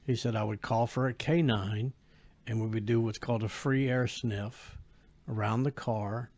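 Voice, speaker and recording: A man talking as a comedian guest on a casual podcast, hesitant and measured, often repeating words as he thinks. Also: lowish voice, fairly even intonation, darkish tone. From United States. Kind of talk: casual chat.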